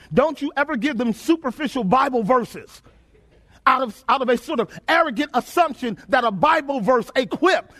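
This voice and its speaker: A male preacher delivering a sermon in a call-and-response style, repeating his phrases and rising to shouts. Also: very high voice.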